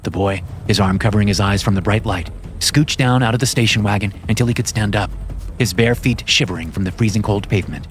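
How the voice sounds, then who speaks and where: A man narrating a horror story in a measured, steady scripted reading. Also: fairly low pitch, slight background noise.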